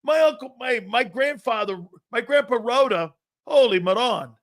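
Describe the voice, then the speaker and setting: Here a middle-aged sports talk host rambles through casual anecdotes at normal speed, often amused by himself. His volume jumps around, from mumbled asides to loud exclamations.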